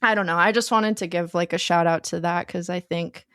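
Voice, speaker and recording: Lively woman co-hosting a film podcast. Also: fairly low pitch, a little fast, smooth, no room sound, clean studio sound. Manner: enthusiastic, animated retelling of film scenes. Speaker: podcast co-host. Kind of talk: casual film discussion.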